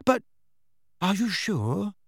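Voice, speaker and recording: This is a storybook girl, eager and bookish, as a man reads her in a high, breathless voice. The delivery bursts with eagerness and leaps around in pitch. The sound is dry and close. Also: very animated, slow pace, vocal fry, slightly rough, no echo, exaggerated voice. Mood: flustered.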